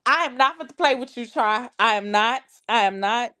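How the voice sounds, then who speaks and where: A woman's voice: a little high, fairly quick, few pauses, bright, forceful tone. Sassy congested woman on a livestream. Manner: sassy, talks straight to viewers, reads comments aloud. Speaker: livestream host. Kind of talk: casual live-chat commentary.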